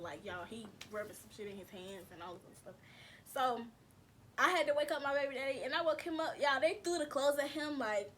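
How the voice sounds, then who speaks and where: A woman's voice: high voice, animated, fairly quick, a bit bright, a little hiss or hum. Chatty woman vlogger telling a story. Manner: chatty, addresses viewers as y'all, slangy and laughing. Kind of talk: casual storytelling to viewers.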